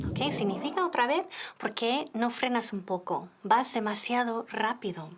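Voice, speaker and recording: American woman host, slightly high voice, teacher. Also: lively intonation, a little hiss or hum. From United States. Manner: clear, deliberate, slows down for examples. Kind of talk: bilingual TV English lesson.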